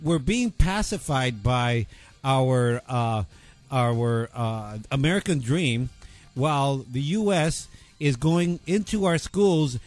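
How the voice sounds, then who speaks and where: A man co-hosting a political talk radio show, speaking passionately but haltingly, with many fillers. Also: fairly high pitch, darkish tone. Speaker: radio co-host.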